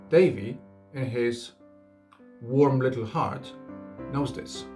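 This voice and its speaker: A man narrating a storybook reading and then reflecting on it in earnest book commentary. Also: medium pitch.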